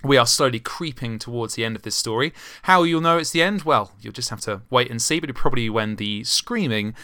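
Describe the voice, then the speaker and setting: Wry man, bright crisp voice. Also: mid-range voice, a little fast, no room sound, studio quality. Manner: jokey, wry asides. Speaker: podcast host and game master. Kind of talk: casual podcast chat and game narration.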